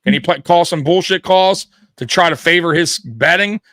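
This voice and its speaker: Sports podcast host dude, swears constantly, laughs, bit high and bright. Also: male voice, moderate pace. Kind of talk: casual sports talk.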